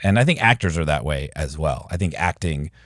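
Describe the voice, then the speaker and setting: A man's voice: very deep voice, lively intonation, fairly quick, a bit bright, no room sound, clean studio sound. A man from Philadelphia, a guest improviser, chatting on a podcast in a reflective, rambling way. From Philadelphia, USA. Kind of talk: casual podcast chat.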